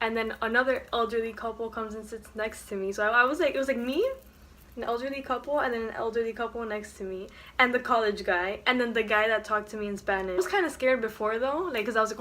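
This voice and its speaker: A woman's voice: on the high side, brisk. A young woman vlogging from her dorm room at night, telling a story casually with lots of filler words. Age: young adult. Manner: chatty, lots of "like" fillers, animated retelling. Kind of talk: casual story time vlog.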